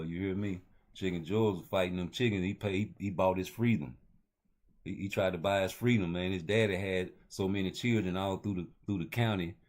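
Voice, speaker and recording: A man's voice: sits low, darkish tone. A man hosting a casual boxing talk show, rambling in loose street slang. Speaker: host.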